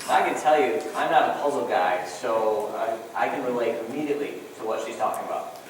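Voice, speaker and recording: A man's voice: mid-range voice, brisk. A man giving a sermon as pastor, casual and chatty, telling a joke story and talking to the congregation as "guys.". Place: church sanctuary. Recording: echoey church hall from far off, faint room noise.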